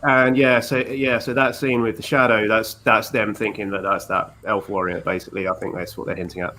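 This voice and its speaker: A man on a film podcast panel, calmly explaining details from the books. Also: lowish voice, a little fast, a little hiss or hum. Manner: knowledgeable, explanatory. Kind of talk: casual film discussion.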